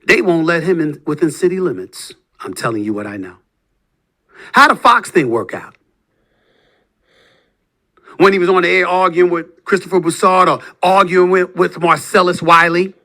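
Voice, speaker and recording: Forceful, combative man in his fifties. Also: expressive, normal speed, long pauses. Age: 50s. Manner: combative, taunting, rhetorical questions; swings between low muttering and loud outbursts. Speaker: sports talk host. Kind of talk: heated monologue.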